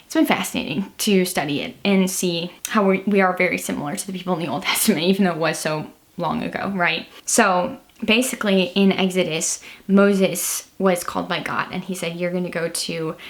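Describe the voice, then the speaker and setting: A woman's voice: fairly low pitch, a little fast, few pauses. Chatty Midwestern young woman. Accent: Midwestern American. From Illinois. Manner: chatty, rambling, many "like" fillers. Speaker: teacher sharing Bible reflections. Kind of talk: casual devotional vlog talk.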